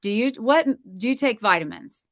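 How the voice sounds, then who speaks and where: A middle-aged woman hosting a podcast interview, gushing and excitable in casual chat. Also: on the high side, moderate pace. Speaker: podcast host.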